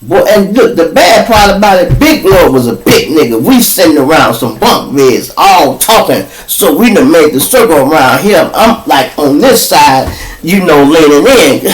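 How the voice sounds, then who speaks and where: A man with a Chicago accent, hosting his own podcast, tells a jail story in an animated storytelling way, acting out other voices and breaking into laughs and shouts. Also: fairly high pitch, measured pace, soft background music. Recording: roomy echo.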